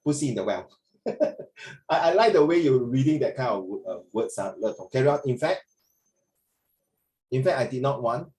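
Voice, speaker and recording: A man's voice: medium pitch, lively intonation, moderate pace, long pauses, a little mellow. Chatty Singaporean-accented male tutor. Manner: chatty, switches into Mandarin. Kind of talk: online class feedback. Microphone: video call. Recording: echoey room.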